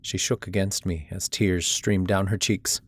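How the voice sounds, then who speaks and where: A man's voice: low-pitched, steady tone, measured pace. A man narrating a first-person audiobook in a tense, urgent storytelling manner.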